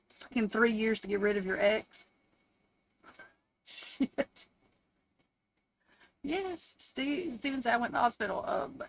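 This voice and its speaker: A woman's voice: on the high side, gravelly, a bit bright. A woman hosting a casual live stream from home, chatting, swearing freely, laughing often and answering her chat.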